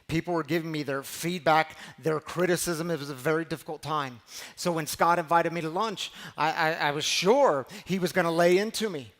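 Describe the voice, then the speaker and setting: A man preaching a sermon as pastor, telling a personal story and moving between hushed, slow passages and loud, emphatic ones. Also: a little high. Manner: heartfelt, storytelling preacher with repeated phrases.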